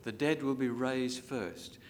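An older Australian man preaches a sermon, his voice rising for scripture and sinking to near-quiet asides. His words ring out with a long reverb from a large hall, over a faint low rumble. He slows down to dwell on key lines. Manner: dramatic rises and drops in loudness, slows for scripture. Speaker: pastor.

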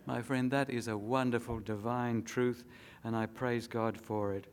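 A man's voice: mid-range voice, steady tone, unhurried. A man preaching a sermon, telling an earnest story and making emphatic appeals.

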